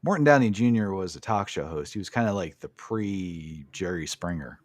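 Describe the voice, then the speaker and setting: A man's voice: low-pitched, expressive, moderate pace, no room sound, studio quality. A man hosting a podcast, recapping a wrestling match in casual chat and swearing freely. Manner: swears freely, blunt opinions. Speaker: podcast host.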